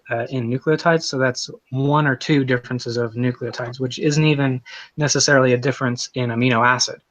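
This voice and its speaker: A man in a debate, explaining technical points in a steady, explanatory way. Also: mid-range voice, no echo. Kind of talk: debate argument.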